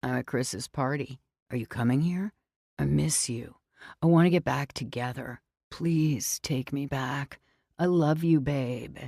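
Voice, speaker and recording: A woman's voice: sits low, animated, moderate pace, a little mellow, dry recording, studio quality. A woman voicing a drunk, devoted and hot-tempered young ex-boyfriend who slurs and pleads in an audiobook. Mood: pleading. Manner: slurring, pleading, then explosive. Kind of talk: audiobook character voice.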